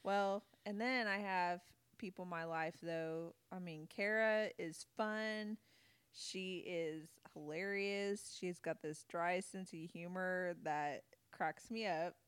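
A woman's voice: on the low side, slow pace, clear, resonant tone, no echo. A middle-aged woman co-hosting a casual faith-based chat, bubbly, laughing often and acting out quotes. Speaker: podcast co-host.

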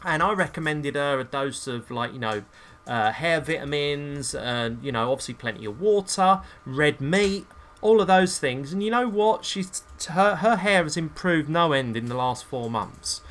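A man's voice: on the high side, lively intonation, moderate pace, hardly any pauses, fairly bright tone. A man, a hairdresser co-hosting a podcast, ranting in an opinionated, scornful way. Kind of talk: casual chat.

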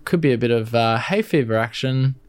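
A man's voice: mid-range voice, a little fast, no echo. Chatty Australian man with a blocked nose. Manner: chatty, rambling, restarts mid-word. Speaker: music software reviewer. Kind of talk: casual plugin review.

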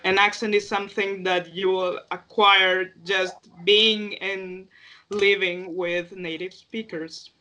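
A non-native English speaker in a casual chat, talking in a measured, earnest way. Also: medium pitch, level tone, pushed and bright. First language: not English.

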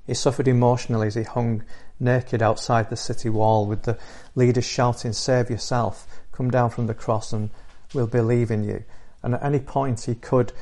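Low, flat-voiced earnest male preacher. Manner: earnest, measured storytelling with pauses. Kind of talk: sermon retelling the Easter story.

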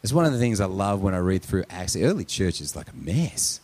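This adult pastor's low, darkish voice is very animated and a little fast as he tells a story in his sermon. His delivery is conversational, with "right?" tagged onto his points again and again.

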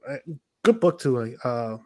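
A man's voice: mid-range voice, sing-song, normal speed, no room sound, clean studio sound. A man hosting a casual podcast, retelling funny moments with many restarts and quoted voices. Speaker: podcast host.

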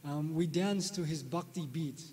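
A man with a somewhat high, husky voice preaches to a gathered group as a spiritual teacher. He keeps checking in with a questioning "no?" at the end of his phrases. His voice rings out with the long reverb of a hall. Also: unhurried, warm tone. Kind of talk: live sermon to a group.

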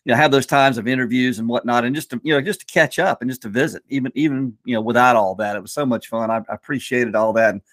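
A man's voice: medium pitch, fast talker, few pauses, a bit bright, no echo. A man hosting a podcast, a play-by-play announcer who talks with enthusiasm and lots of fillers. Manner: enthusiastic, lots of "you know". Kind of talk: casual podcast chat.

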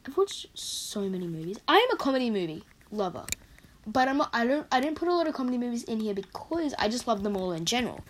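A young woman with a croaky voice, rambling in a casual vlog about her favourite movies and correcting herself often. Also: a little high, big pitch swings, fast, slight background noise. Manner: rambling, chatty, self-correcting. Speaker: vlogger. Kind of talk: casual movie countdown chat.

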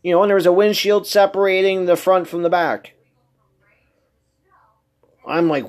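A man with a slightly higher voice hosts his own casual podcast, talking alone to his listeners. He swears constantly and sounds emphatic and incredulous. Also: moderate pace, long pauses. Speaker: podcast host. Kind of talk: casual solo podcast monologue.

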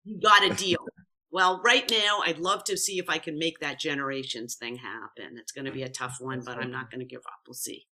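An older woman, a podcast guest, chatting casually and saying warm goodbyes. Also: very deep voice, fairly even intonation, brisk. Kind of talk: casual chat.

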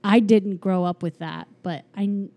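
A woman's voice: medium pitch, fairly even intonation, normal speed, warm tone, lo-fi sound. A woman in casual conversation, rambling through a movie recap with lots of fillers and frequent laughter. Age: adult parent. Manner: chatty, rambling, laughs often, many fillers. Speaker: podcast co-host.

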